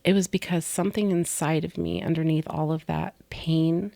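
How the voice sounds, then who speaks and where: Speaking at normal speed in a low-pitched, gravelly voice with fairly even intonation and no room sound, a middle-aged woman co-hosts a podcast. She tells a personal story with soft-spoken candor, whispering when it hurts.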